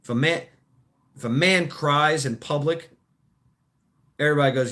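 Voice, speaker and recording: A man's voice: on the high side, normal speed, fairly bright tone. A man chatting on a livestream, wandering from point to point with confident opinions. He stumbles and repeats himself as he goes, dropping casual profanity along the way. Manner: rambling, opinionated, stammering restarts; crude, swears freely. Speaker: livestream host.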